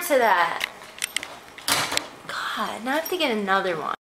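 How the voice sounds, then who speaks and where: A woman's voice: mid-range voice, very animated, a little slow. A young woman chatting casually on a vlog, playfully indignant and bickering with her partner. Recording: loud background noise.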